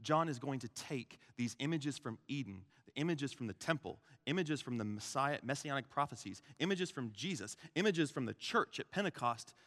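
Male pastor preaching, lively and theatrical, acts out the crowd voices, long hall reverb, mid-pitched voice. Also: normal speed, few pauses. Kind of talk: sermon.

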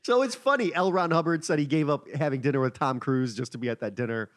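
Podcast co-host dude, wry and irreverent, lotta uh's, voice on the high side. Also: male voice, fast talker. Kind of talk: casual panel chat.

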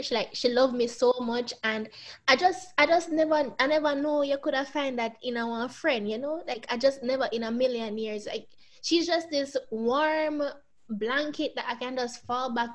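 Tearful high-voiced young woman. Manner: halting, emotional, many restarts. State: tearful, close to crying. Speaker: podcast co-host. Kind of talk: casual podcast chat.

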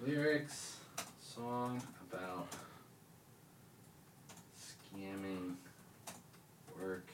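A man with a lowish voice talks slowly, drawling through a relaxed conversation with friends. He mumbles, trails off mid-thought and chuckles at his own mistakes. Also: noisy background. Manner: mumbling, trailing off, laughing at himself. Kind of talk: casual chat.

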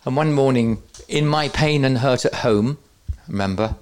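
A man's voice: mid-range voice, normal speed, a little mellow. A man teaching at a church conference, with joking, self-deprecating asides to the audience. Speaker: preacher.

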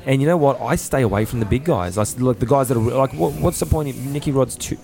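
An Australian man hosting a casual podcast interview in a coffee shop, chatty and full of quick restarts. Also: mid-range voice, creaky, a little mellow. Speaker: podcast host. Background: faint café music.

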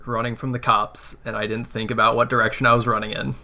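A man voicing a wary, hostile male creature with clawed hands, speaking gruffly as game master in a tabletop game. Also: mid-range voice, little pitch movement, quick pace, bright, forceful tone. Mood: weary.

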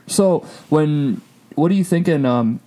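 A man's voice: a little high, animated, a little slow, warm tone, slight background noise. A man co-hosting a podcast in casual chat, joking and teasing and laughing often. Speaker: podcast co-host.

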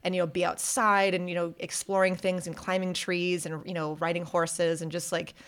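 Woman, casual storytelling, laughs often, high excited quotes, animated. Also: moderate pace, smooth. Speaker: podcast co-host.

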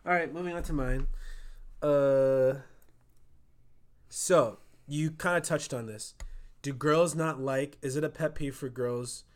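Loud, passionate young man on a podcast. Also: medium pitch, fairly even intonation, slow pace, pauses often. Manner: loud and passionate, argues with emphasis. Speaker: podcast co-host. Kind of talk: casual couple chat.

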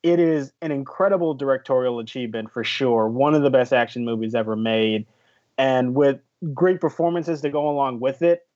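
A man's voice: medium pitch, moderate pace, a little mellow, muffled recording. A man on a podcast panel chatting casually and admiringly about a movie. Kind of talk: casual film review chat.

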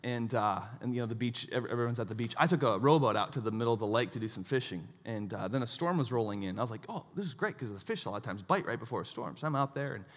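A man in his thirties preaching a sermon, telling stories with self-mocking asides and a lively delivery. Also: medium pitch, quick pace, few pauses, in a large hall. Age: 30s. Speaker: pastor.

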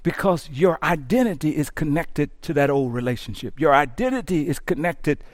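A male pastor delivers a sermon in a high voice, dropping to near hushes and then climbing into fervent shouts. He stumbles over repeated words as his intensity builds. The sound is dry and close, with no room around it. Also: expressive, moderate pace, no echo. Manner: impassioned preaching, swings from hushed to shouting.

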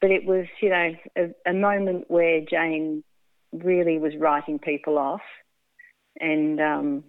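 A woman's voice: deep voice, fairly even intonation, unhurried, smooth, no room sound. A woman guest telling a personal story in a radio interview, candid and laughing often, acting out what people said. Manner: candid, laughs often, acts out quoted speech. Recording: tinny phone-like line, dry.

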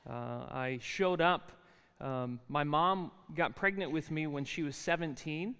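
A man's voice: on the high side, measured pace, a bit bright, clean tone. A man in his forties with a New Jersey accent, telling his life story in a university chapel sermon, talking with many fillers and restarts. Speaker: chapel speaker. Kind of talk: sermon with personal testimony. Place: large university chapel hall. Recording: reverberant hall.

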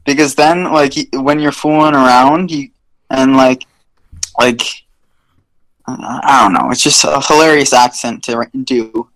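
A man's voice: medium pitch, fairly even intonation, a little slow, a bit bright, rough recording. A man from Canada co-hosting a podcast in a hesitant, casual comedic chat. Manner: hesitant, full of fillers. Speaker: podcast co-host.

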